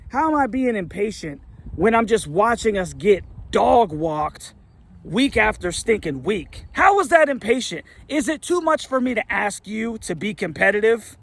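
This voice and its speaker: A man's voice: high voice, fairly bright tone. A middle-aged man ranting in a heated, exasperated way as a sports fan commentator, firing off rhetorical questions. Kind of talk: angry fan rant.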